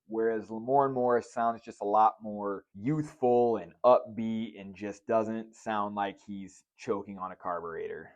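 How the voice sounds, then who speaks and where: A man giving a casual, joking movie review, swearing freely as he talks. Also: lowish voice. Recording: dull lo-fi recording.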